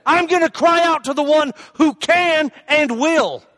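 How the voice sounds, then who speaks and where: High, bright-voiced preacher man. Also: measured pace, no echo. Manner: animated, jokey, bursts into loud shouted asides. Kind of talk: humorous sermon storytelling.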